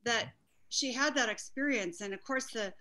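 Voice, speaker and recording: A middle-aged woman in a church group sharing a personal story, earnest and halting. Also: a little high, bright, forceful tone, poor audio. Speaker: group participant.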